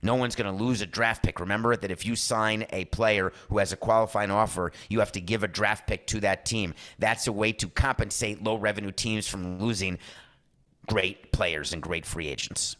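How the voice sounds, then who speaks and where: A man's voice: on the low side, normal speed. A man hosting a sports talk podcast, giving opinionated monologues and acting out quoted voices. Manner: animated, acts out quoted voices. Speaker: podcast host.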